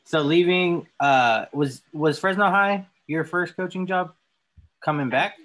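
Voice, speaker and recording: A man's voice: fairly high pitch, measured pace, a bit bright. A man hosting a podcast, trading joking, teasing banter with his guest. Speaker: podcast host. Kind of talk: casual chat.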